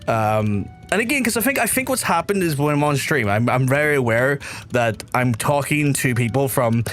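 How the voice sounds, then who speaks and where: A young man from Belfast with a softened Belfast accent, chatting and rambling to his viewers while he streams a game. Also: mid-range voice. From Northern Ireland. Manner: rambling, chatty, reads chat aloud. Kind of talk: casual game stream chat.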